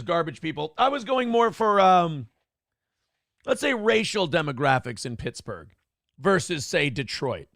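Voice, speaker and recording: Gravelly-voiced man hosting a live stream. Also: on the high side, fairly bright tone, no echo, studio quality. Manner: crude, sarcastic, swears freely. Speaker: morning show host. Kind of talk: casual live-stream commentary.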